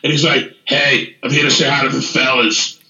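A man hosting a casual chat, telling an animated story, swearing freely and acting out what people said. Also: mid-range voice, normal speed, gravelly, highs cut off. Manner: animated, swears freely, retells scenes in quoted speech. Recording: echoey room.

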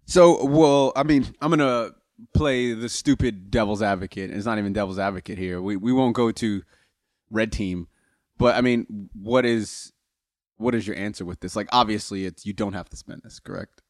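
A man co-hosting a podcast in casual chat, playful and quick to joke and digress. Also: fairly low pitch, dry recording, studio quality. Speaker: podcast co-host.

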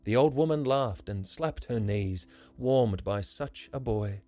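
A man reading a rhyming story aloud as a podcast storyteller, soft and measured. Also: mid-range voice. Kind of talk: scripted rhyming narration. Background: soft instrumental music.

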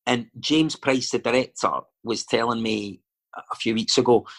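Rambling Scottish man, husky voice. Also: mid-range voice, normal speed. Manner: rambling, lots of fillers and digressions. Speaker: actor and filmmaker guest. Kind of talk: casual chat.

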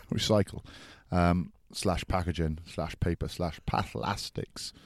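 An easygoing man with a low voice trades teasing remarks and tells anecdotes in a casual chat. The recording is close and dry, with no echo. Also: fairly even intonation, takes it slowly. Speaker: former rugby player, podcast co-host.

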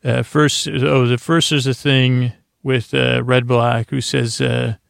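A man's voice: medium pitch, little pitch movement, slow pace, gravelly, smooth, no room sound, clean studio sound. A man hosting a sleep podcast, retelling a story in a meandering, unsure way full of fillers and restarts. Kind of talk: rambling sleep-inducing retelling.

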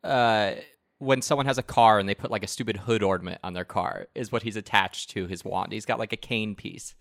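A man's voice: fairly low pitch, fairly even intonation, a little fast, fairly bright tone, no echo, clean studio sound. A man chatting casually about a movie as a podcast co-host, joking and telling it with energy. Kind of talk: casual chat about a film.

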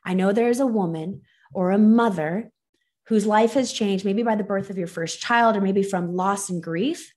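A woman with a mid-range voice hosts a podcast. She speaks in a measured, earnest way and addresses her listeners directly. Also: mid-range voice, a little mellow. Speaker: podcast host. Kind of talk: podcast introduction.

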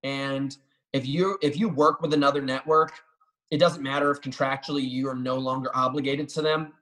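A man and professional athlete talking as a guest on a casual podcast, telling animated, swearing, boastful stories. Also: medium pitch, normal speed, low-quality recording. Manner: animated, profane, boastful storytelling.

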